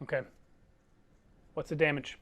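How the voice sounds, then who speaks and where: A man's voice: unhurried, a bit bright. A man narrating a tabletop game as game master, playful and often laughing as he describes the action.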